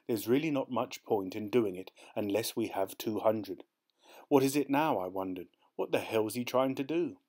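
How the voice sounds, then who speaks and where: A man's voice: fairly low pitch, a little mellow. A man narrating an audiobook, reading the dialogue of both characters himself with small shifts of tone.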